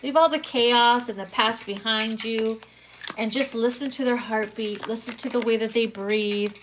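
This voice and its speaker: A woman's voice: on the high side, fairly even intonation, moderate pace, noisy background. A woman giving a casual, crude, joking tarot reading, often breaking into laughter. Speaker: tarot reader.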